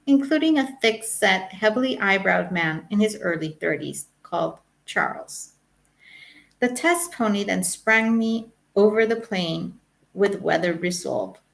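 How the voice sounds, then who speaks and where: A woman reading her own travel memoir aloud in a wry, measured storytelling manner. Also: medium pitch, creaky, a bit bright. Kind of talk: audiobook memoir narration.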